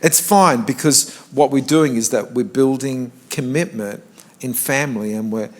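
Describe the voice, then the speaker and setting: An older man, a pastor, preaching a conversational sermon in church and rising in pitch when he stresses a point. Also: measured pace.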